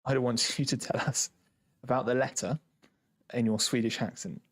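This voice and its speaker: Brief: teasing sidekick, mid-pitched, relaxed stream banter. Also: male voice, moderate pace. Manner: chatty, teasing, laughs easily. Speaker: co-host. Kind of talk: casual livestream quiz chat.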